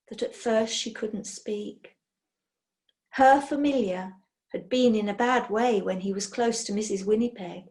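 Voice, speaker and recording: A woman reading a children's storybook aloud in an expressive way. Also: mid-range voice. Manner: slow, expressive.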